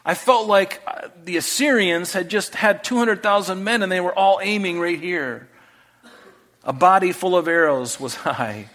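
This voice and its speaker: Brief: earnest male preacher with a higher voice, quiet rhetorical asides. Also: normal speed. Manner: earnest, drops to soft rhetorical questions. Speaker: pastor. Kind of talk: sermon.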